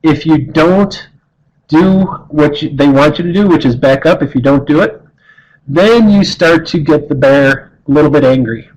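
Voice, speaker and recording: A middle-aged man with a slightly raised pitch teaches in an earnest, conversational way. He often trips over his words and restarts a phrase before pressing on. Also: moderate pace, a little mellow, highs cut off, a little hiss or hum. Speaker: wildlife educator. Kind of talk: informal talk on bear behavior.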